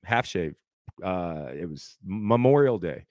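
A man's voice: low-pitched, animated, takes it slowly, darkish tone, no room sound, studio quality. A man in his thirties, a podcast co-host, telling a story in casual chat and acting out the quotes, saying "dude" a lot.

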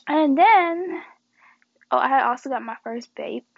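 A woman's voice: sits high, animated, a little slow, gravelly, dry recording, lo-fi sound. A young woman casually telling a story to her viewers, chatty and slangy, acting out quoted dialogue dramatically. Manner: slangy and chatty, addresses the audience as guys and y'all.

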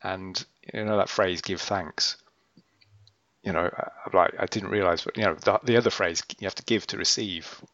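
Low-voiced man in a chatty podcast. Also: steady tone, normal speed, fairly bright tone, no room sound. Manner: rambling, self-correcting, acts out quotes. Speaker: podcast host. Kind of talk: casual chat. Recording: dull, muffled sound.

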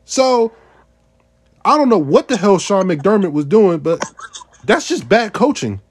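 A man with a fairly high voice co-hosts a casual sports podcast. He works through his points methodically, reading off one item after another. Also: big pitch swings, measured pace, husky. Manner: methodical, runs through lists step by step. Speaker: podcast co-host.

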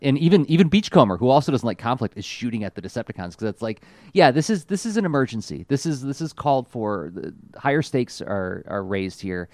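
A man's voice: mid-range voice, sing-song, fairly quick, hardly any pauses, darkish tone, dry recording. A man co-hosting a casual podcast, talking with enthusiasm and lots of fillers as he reviews a cartoon. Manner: enthusiastic, rambling, many fillers. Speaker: podcast co-host.

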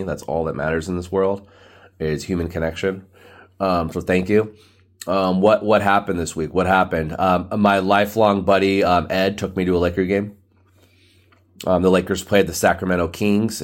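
Male podcast host, late thirties, very deep voice, rough and loose, rambles with lots of filler. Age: 30s. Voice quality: morning-rough voice. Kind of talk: casual solo podcast rant.

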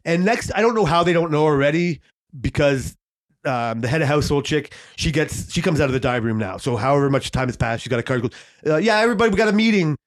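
A man's voice: medium pitch, a little fast. A man co-hosting a podcast, telling a long story in casual chat, rambling with lots of fillers and swearing. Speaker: podcast co-host.

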